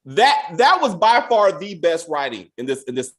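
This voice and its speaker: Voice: mid-range voice, moderate pace. A podcast host ranting casually about a TV episode, swearing freely and acting out characters' lines. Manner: profane, animated, acts out characters' lines. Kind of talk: casual spoiler rant.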